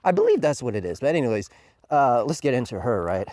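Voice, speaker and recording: Profane, animated manga reviewer. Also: medium pitch, fast talker, dry recording. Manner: profane, scornful, says 'man' constantly. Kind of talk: casual ranting review.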